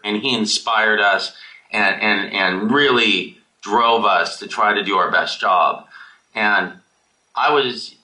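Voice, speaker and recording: A film director answering audience questions over a video call, rambling and emotional, swearing casually. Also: male voice, fairly low pitch, pushed and bright, rough recording.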